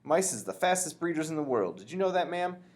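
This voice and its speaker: Brief: chatty old cab driver, read by a man, lifted and brighter. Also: on the high side, very animated, fairly quick, pitched above the performer's own voice. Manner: cheerful, folksy. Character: chatty oldish male taxi driver.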